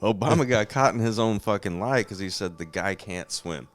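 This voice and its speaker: A man's voice: on the low side, moderate pace. A man guesting on a casual podcast, laid-back but ranting, with heavy swearing. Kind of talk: casual profane chat.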